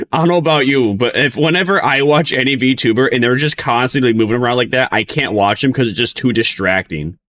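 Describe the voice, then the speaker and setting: A man's voice: medium pitch, a little fast, a bit bright. A man streaming casual reaction commentary, rambling with frequent laughs and mocking sing-song outbursts.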